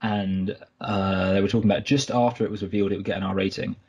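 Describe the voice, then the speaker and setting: Rambling husky man podcast host. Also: sits low, fairly even intonation, quick pace, darkish tone, dull audio. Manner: rambling, self-correcting storyteller. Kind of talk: casual podcast chat.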